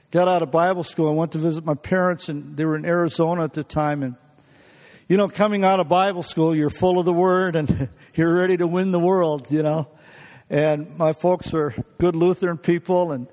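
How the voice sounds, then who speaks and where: Chuckling often and frequently starting his sentences over, a middle-aged guest preacher shares personal stories in a folksy church sermon. His voice is high for a man, with a darkish tone, and the hall gives it a long reverb.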